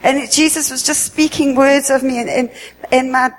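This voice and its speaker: A woman giving an earnest spoken religious testimony at a worship meeting, halting and often repeating herself. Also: high-pitched, steady tone. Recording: echoey hall with long reverb, faint ambience.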